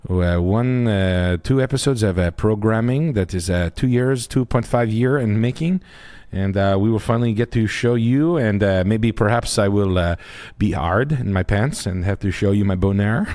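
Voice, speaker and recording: Dude doing a bumbling french guy, uh uh every other word, lowish voice. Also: normal speed, few pauses, a little mellow, no echo, natural voice. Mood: mock-solemn. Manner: hesitant, stuffed with uh fillers. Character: halting, crude Frenchman, middle-aged man. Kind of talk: comedic improvised bit on a podcast.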